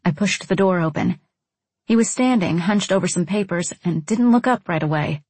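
A woman's voice: lowish voice, normal speed, darkish tone, breathy edge, no room sound. A woman narrating a first-person novel in a wry, introspective manner. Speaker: audiobook narrator.

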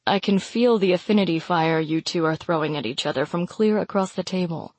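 A woman voicing a warm, playful young man who teases in a conspiratorial half-whisper. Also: on the low side, fairly quick, no room sound, pitched below the performer's own voice, natural voice. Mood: teasing.

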